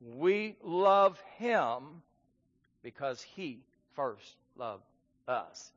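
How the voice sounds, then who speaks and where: A man's voice: on the high side, big pitch swings, very slow, fairly bright tone. A man preaching a sermon in an earnest manner, reading scripture aloud with rising emphasis. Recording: muffled sound in a hall with long reverb.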